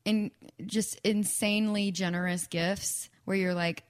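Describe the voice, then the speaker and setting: A woman's voice: fairly low pitch, steady tone, slow, hardly any pauses. A young woman from Texas chatting casually as an interview guest, with lots of "like" and "um". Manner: chatty, frequent "like" and "um". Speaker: guest songwriter.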